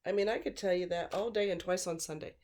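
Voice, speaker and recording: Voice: mid-range voice, fairly even intonation, fast talker, a little mellow. A true-crime commentator talking casually and bluntly, stressing points by repeating words, wandering off into asides. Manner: rambling, with digressions and fillers; blunt and scornful.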